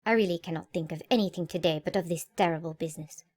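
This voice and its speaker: A woman's voice: fairly low pitch, darkish tone, lightly acted. Woman voicing a stern old admiral. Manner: brisk and commanding. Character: stern, proud old male naval admiral. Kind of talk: audiobook character voice.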